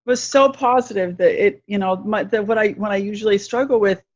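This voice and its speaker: A woman sharing her experience as a coach in a casual group chat, earnest and halting. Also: mid-range voice. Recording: dull lo-fi audio.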